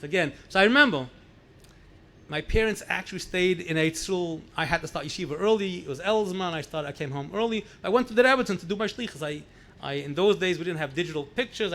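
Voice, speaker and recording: With a slightly high voice and a fairly quick delivery, this sixtyish rabbi from New York spins stories for a gathering. He performs each character's lines with gusto and peppers his telling with Yiddish.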